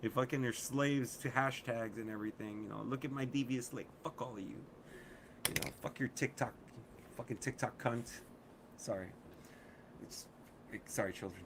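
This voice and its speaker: A middle-aged man co-hosting a loose podcast chat, pitched right in the middle for a man. He rants, swears freely and breaks into laughter as he talks. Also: moderate pace, pauses often, background noise. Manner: profane, ranting, laughs often. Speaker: podcast co-host. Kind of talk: casual chat.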